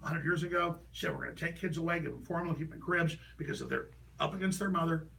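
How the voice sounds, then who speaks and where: A man delivering an impassioned, ranting political monologue as a talk show host, heated and rapid with sudden bursts of shouting. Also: fairly high pitch, gravelly, recorded from a distance, low-quality recording.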